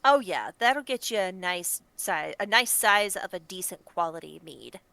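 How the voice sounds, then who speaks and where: A woman's voice: mid-range voice, lively intonation, a little slow, vocal fry, bright, forceful tone, dry recording. A woman narrating a tabletop game as game master, with descriptive storytelling and frequent fillers.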